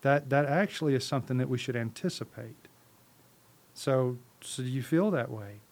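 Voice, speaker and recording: This man, a ministry leader invited onto a podcast, speaks at a normal speed in a slightly mellow, medium-pitched voice. He preaches in an impassioned, conversational manner, posing rhetorical questions and repeating words.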